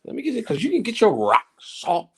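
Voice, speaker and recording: Wildly animated man hosting commentary. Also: high-pitched, brisk, slightly rough. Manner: animated, teasing, theatrical swings between loud and hushed. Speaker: host. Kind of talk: casual current-events commentary.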